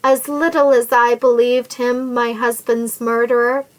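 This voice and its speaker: A woman reading as a calm, defiant young woman. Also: on the high side, unhurried, lightly acted, poor audio. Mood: resolute. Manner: calm, resolute, dignified. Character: steadfast young woman defying her captor.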